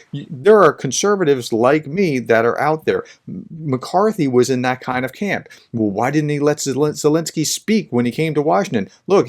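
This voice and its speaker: A man giving casual, rambling political commentary between clips, often restarting his sentences. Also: medium pitch.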